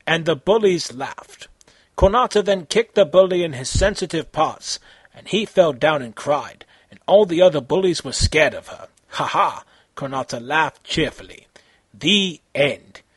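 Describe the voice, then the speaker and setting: A man reading his own fan fiction aloud in an amateur, halting way, with slips and self-corrections. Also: fairly high pitch, slightly rough, no echo.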